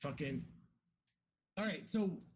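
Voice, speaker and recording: A man coaching poker in a blunt, profane, animated way. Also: on the high side, slow pace, slight background noise. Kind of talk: casual coaching talk.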